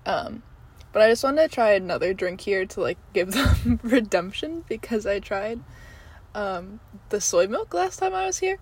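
A woman's voice: medium pitch, lively intonation, moderate pace, slightly rough, rough recording. A young woman giving a casual, rambling food review while eating, chatty and giggly with many ums. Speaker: vlogger.

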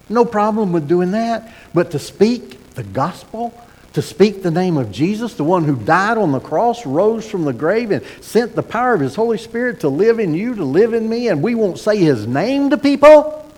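Folksy preacher in a reverberant hall. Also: male voice, sits high, normal speed. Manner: folksy, animated preaching with asides and repeated starts. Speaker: pastor. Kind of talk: sermon. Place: church sanctuary. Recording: sermon in a hall with long reverb.

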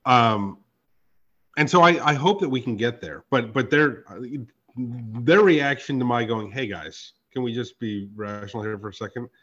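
A man in casual podcast chat spins a profane story, acting out each back-and-forth in different voices. His pitch sits in the middle. The audio is muffled and lo-fi. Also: moderate pace, fairly bright tone. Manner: profane, storytelling with reenacted dialogue. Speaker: podcast host.

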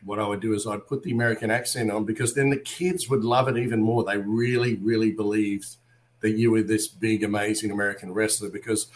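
Speaking briskly on the low side, the Australian man, both wrestler and actor, spins lively tales in a casual interview, taking on other people's lines as he goes.

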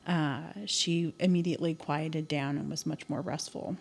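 A woman's voice: deep voice, steady tone, normal speed, gravelly, a little mellow. A woman from the American Midwest, a podcast guest telling personal stories in a thoughtful, hesitant way with many fillers. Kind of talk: casual storytelling interview.

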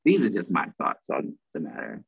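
Podcast host, man, deep and husky, careful hedging delivery, dry phone-line sound. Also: wildly swooping pitch, moderate pace, dry recording. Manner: thoughtful, hedging. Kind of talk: casual discussion.

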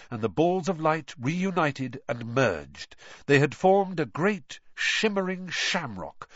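A man reads an audiobook with an animated, lively delivery in a slightly high voice. The recording is dry and close, and the sound is dull and lo-fi. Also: dry recording. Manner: animated storytelling. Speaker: audiobook reader. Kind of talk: expressive audiobook narration.

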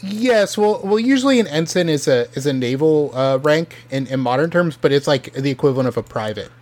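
A man's voice: a little high, animated, a little fast, a little mellow. Rambling man telling history on a podcast. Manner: rambling, many fillers and restarts. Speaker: podcast co-host presenting history. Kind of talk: casual podcast chat.

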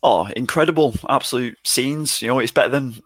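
A man chats easily on a football podcast, upbeat and full of fillers. His voice sits at a middle pitch. The sound is dry and close. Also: a little fast, fairly bright tone, no echo. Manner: easygoing, filler-heavy, upbeat. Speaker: podcast co-host. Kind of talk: casual chat.

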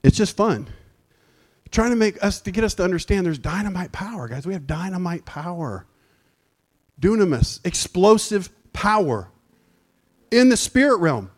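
A man preaching a sermon in a church, animated and storytelling, breaking into shouted excitement. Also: high-pitched, normal speed, long pauses. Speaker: pastor.

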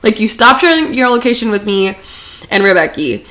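A woman's voice: medium pitch, sing-song, brisk, a bit bright. A young woman co-hosting a podcast, reacting in a blunt, exasperated way during casual chat. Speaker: podcast co-host.

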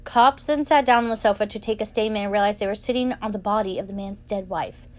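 A woman's voice: mid-range voice, fast. A young woman co-hosting a casual podcast, reading trivia and joking in a blunt, giggly way. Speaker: podcast co-host. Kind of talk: casual chat.

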